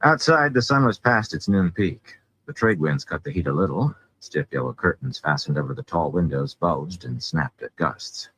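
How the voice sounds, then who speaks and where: Low husky man reading aloud. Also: expressive, normal speed, few pauses, a bit bright, low-quality recording. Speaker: audiobook reader. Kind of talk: reading a fantasy novel aloud.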